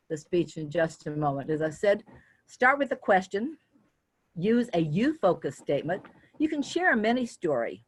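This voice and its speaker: Expressive older woman coaching public speaking. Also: no echo. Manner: expressive, deliberately varies pitch and loudness. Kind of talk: instructional talk on public speaking.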